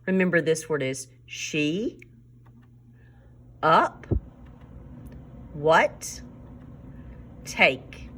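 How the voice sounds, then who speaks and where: A woman teacher giving a recorded reading lesson to young children, sounding out words slowly and clearly. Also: sits low, lively intonation, a bit bright, slight background noise.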